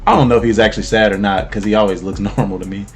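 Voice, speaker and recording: Man, host, lowish voice, casual slangy recap, faint music underneath. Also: steady tone, rapid-fire. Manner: laid-back, slangy storytelling with laughs. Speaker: anime reaction host.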